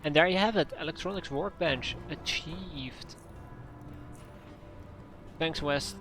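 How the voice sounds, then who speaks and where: A man playing a role-playing game on stream, reading the narration aloud and adding dry, sighing asides. His voice sits a touch high for a man, with faint game music running underneath. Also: takes it slowly. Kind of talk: casual gameplay commentary reading game text aloud.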